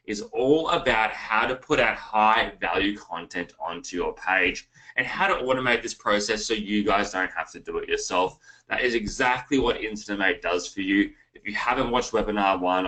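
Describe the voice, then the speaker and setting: A man's voice: lowish voice, sharp tone, poor audio. An Australian man hosting an online marketing webinar, talking casually and calling the viewers guys. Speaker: webinar host.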